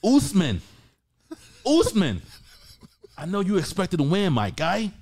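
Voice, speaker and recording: A man co-hosting a sports podcast, talking in an excitable, profane rant. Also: high voice, slow, no room sound. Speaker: podcast co-host. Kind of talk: casual sports chat.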